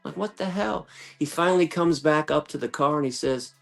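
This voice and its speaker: A man telling a long story in conversation, animated and acting out other people's lines, with casual swearing. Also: on the high side, brisk, vocal fry, soft background music. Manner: animated, acts out quoted voices, swears casually. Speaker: guest, animal rights activist.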